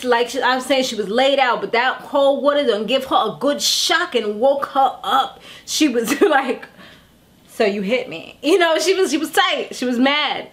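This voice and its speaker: A woman vlogger recapping a TV episode in a casual, animated way, laughing and acting out the characters' lines. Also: high-pitched.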